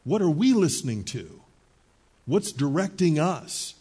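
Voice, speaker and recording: A middle-aged man preaching with a husky, somewhat breathy voice that sits fairly high for a man. He tells stories in an easy, conversational way, with quick asides to the congregation. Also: sing-song, dark tone. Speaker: pastor. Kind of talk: sermon.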